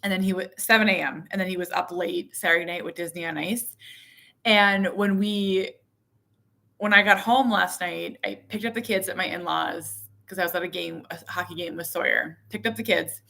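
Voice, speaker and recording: A woman's voice: on the low side, steady tone, moderate pace, gravelly, bright, forceful tone. A woman in her thirties talking casually to camera as a mother and vlogger, frank and self-mocking, with lots of fillers. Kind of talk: casual candid chat to camera.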